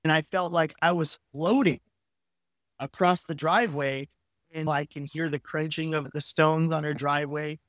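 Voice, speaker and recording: A man in his forties, a guest telling a personal story with frank, animated and casually profane talk. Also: a little high, normal speed, no room sound, clean studio sound. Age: 40s. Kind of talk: candid storytelling in conversation.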